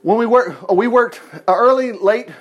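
A man preaching a sermon, retelling a Bible story in a folksy, animated way with quick asides. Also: very high-pitched, muffled recording.

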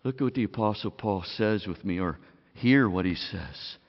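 A man preaching a sermon in a church, swinging between hushed and loud delivery and calling the congregation "gang". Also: lowish voice, lively intonation, moderate pace. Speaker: pastor. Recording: dull sound with long hall reverb.

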